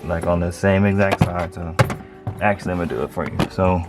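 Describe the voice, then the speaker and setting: Man, low-pitched, casual DIY car vlog, chatty while working, phone-filmed, music in background. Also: fairly even intonation, fairly quick. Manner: loose, chatty, talks while working with hands. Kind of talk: casual how-to walkthrough. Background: music playing.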